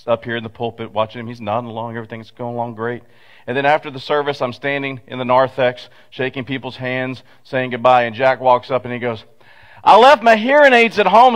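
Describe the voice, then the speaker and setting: Folksy pastor preaching in a church. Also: male voice, mid-range voice. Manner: folksy storytelling with asides and rhetorical questions. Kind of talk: conversational sermon. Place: church sanctuary. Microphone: pulpit microphone.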